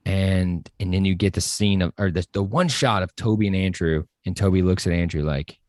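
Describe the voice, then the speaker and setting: Excitable man, slightly low voice. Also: dry recording, studio quality. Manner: excited, fast-running enthusiasm with many fillers. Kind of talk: casual podcast chat.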